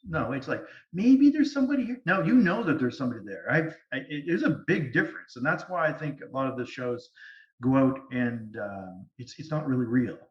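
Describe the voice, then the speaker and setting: A man speaking as a guest medium, telling stories in an animated way over a video call. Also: mid-range voice, a little fast. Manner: animated, lively storytelling. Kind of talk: storytelling interview. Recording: distant, echoey, dull sound.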